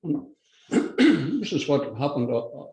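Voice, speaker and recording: An older Irish man, a podcast guest, talking in a halting, blunt way with frequent restarts and swearing. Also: fairly high pitch, very animated, a little mellow, reverberant, poor audio. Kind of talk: casual conversational interview.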